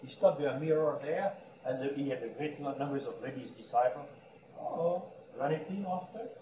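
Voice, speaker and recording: A man's voice: medium pitch, a little fast, dark tone. A man giving a sermon as a monk, telling stories with frequent chuckles and restarts. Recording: roomy echo, distant mic, faint background hum.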